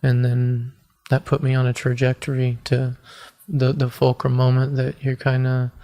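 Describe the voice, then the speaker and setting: Earnest man with a monotone voice. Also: mid-range voice. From United States. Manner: earnest, halting, with many restarts. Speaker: podcast guest. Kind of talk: personal testimony in an interview.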